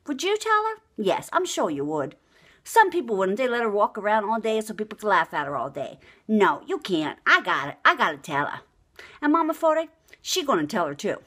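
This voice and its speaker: A woman's voice: fairly high pitch, fairly bright tone. A middle-aged woman delivering a brash, gossipy comic monologue to the camera, asking the listener outraged questions. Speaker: vlogger telling the news.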